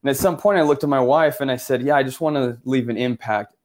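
Earnest guy from utah telling his story, lots of you-knows and restarts, mid-pitched voice. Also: fast, a little mellow. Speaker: photographer guest. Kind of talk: casual interview storytelling.

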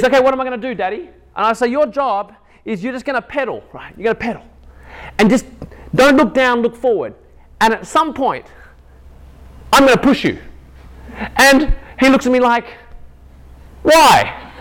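A man in his thirties with a high voice delivers a chapel sermon as a lively personal story. He acts out each quoted voice, pitching up for them. His talk comes in short, loose phrases. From Asian heritage. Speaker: chapel speaker.

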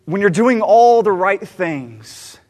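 High-voiced animated preacher in a reverberant hall. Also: male voice, slow. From American South. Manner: animated, acts out the story's characters, repeats phrases for emphasis. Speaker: pastor. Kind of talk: sermon. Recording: long reverb of a large hall.

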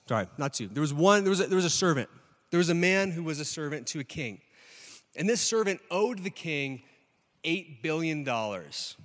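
Animated preacher in a reverberant hall. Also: male voice, fairly high pitch. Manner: animated storytelling, asks the crowd questions. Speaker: pastor. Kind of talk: sermon.

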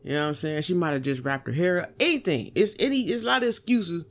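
A woman's voice: lowish voice, fast, fairly bright tone. A young woman hosting a podcast, giving a blunt, profane comedic monologue full of teasing rhetorical asides. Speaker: podcast host.

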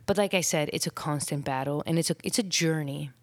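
A young adult woman hosting her own podcast, a little out of breath, talking in an earnest, reflective way, with phrases trailing off into soft breathy whispers. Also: sits low, a little fast, no room sound. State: out of breath after illness. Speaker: podcast host. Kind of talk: casual solo podcast talk.

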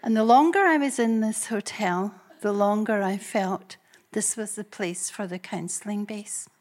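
A woman preaching a storytelling sermon. She speaks in an animated, breathy way and laughs often. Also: medium pitch, unhurried.

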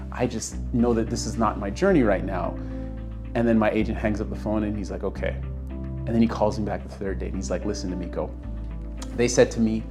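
A young man casually telling a personal story, acting out the voices of the people he quotes. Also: fairly low pitch. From Canada. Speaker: guest telling his story.

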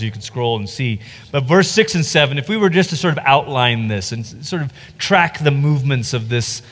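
High-pitched guy preaching thru a psalm, animated, big echoey room. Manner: animated, acts out quoted voices. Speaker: pastor. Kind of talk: Bible teaching discussion.

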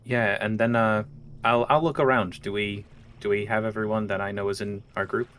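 A man playing a tabletop game, talking casually in halting, self-correcting bursts. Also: on the low side, fairly even intonation, a bit bright. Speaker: player. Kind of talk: casual play. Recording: noisy recording.

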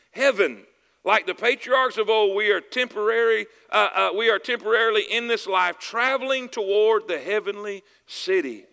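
A pastor with a Southern US accent preaches in a high, bright voice that cuts through the room. He repeatedly calls for "amen" and asks "y'all with me," repeating phrases for emphasis, while a long hall reverb trails each line.

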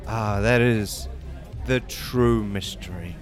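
A man voicing a wise male guru who speaks slowly and gravely in a hushed, lowered voice. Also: faint music behind, a faint crowd. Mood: solemn.

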